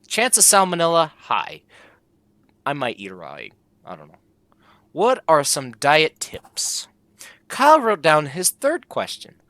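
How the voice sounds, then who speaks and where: A man plays through a comedy text game and reads every line aloud. His voice swings up and down with lively pitch while he jokes about the choices. The sound is dry and close, with no room around it. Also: measured pace, pauses often, dry recording. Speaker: gameplay commentator.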